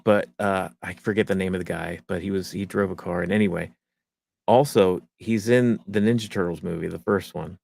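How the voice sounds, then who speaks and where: A man co-hosting a podcast in casual chat, rambling and acting out quotes in a lowered voice. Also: fairly even intonation, normal speed, gravelly, darkish tone, no echo. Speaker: podcast co-host.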